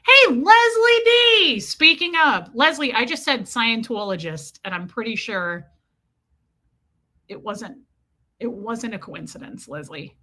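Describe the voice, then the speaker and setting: A woman's voice: medium pitch, expressive, measured pace, long pauses, sharp tone. A woman hosting a casual livestream, telling a frank, crude comic story and greeting viewers by name between beats. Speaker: livestream host chatting with viewers.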